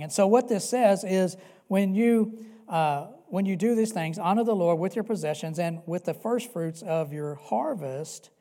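A male pastor delivering a sermon earnestly, swinging between loud emphatic peaks and soft hushed passages and repeating key phrases for emphasis. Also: fairly high pitch.

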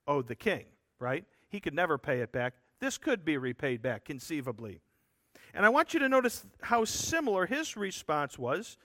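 A man's voice: high voice, fairly bright tone, no echo, studio quality. A man preaching a sermon, explaining a scripture passage in an earnest, emphatic way with rhetorical asides to his listeners.

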